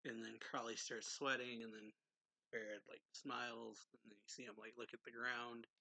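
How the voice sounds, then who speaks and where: A young adult man hosting a casual manga review, rambling through the chapter and leaning on "like" constantly. His voice is very bright and crisp. The sound is dry and close, with no room to it. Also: mid-range voice, flat delivery, moderate pace, dry recording, poor audio. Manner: rambling, heavy use of "like".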